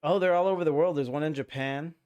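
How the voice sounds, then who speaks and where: A man co-hosting a casual movie chat, relaxed and chatty, swearing now and then. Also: on the high side, fast talker, smooth, dull audio. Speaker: podcast co-host.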